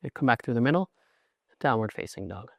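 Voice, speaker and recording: A man's voice: medium pitch, expressive, fast talker, creaky, no echo, studio quality. A middle-aged man teaching a yoga class, cueing poses in short instructions with an encouraging, chatty manner.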